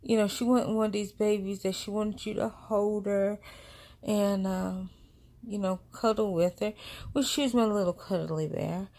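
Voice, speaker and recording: Slow, rambling woman vlogger. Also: medium pitch, steady tone, mellow. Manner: rambling, with many asides. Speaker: vlogger and mother. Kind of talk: casual storytelling vlog.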